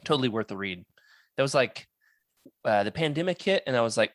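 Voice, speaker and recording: A man's voice: medium pitch, expressive, a little fast, a bit bright, no echo. A man hosting a podcast in casual chat, playful and teasing, steering the talk to the next topic. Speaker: podcast host.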